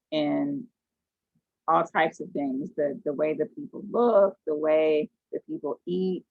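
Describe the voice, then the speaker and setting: A woman with a low, husky voice leads an online class, questioning her students and telling stories with animation. The sound is dry and thin, like a tinny video call line. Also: dry recording. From United States. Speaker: teacher.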